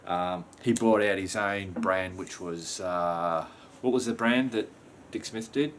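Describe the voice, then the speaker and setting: Slow and low-voiced, a freshly woken Australian vlogger rambles casually to the camera with frequent mild swearing. A little hiss or hum sits in the recording.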